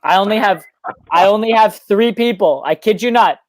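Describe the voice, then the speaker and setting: A young man, a guest musician, chatting eagerly in quick run-on sentences on a live stream. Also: high voice, no echo. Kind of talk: casual chat on a live stream.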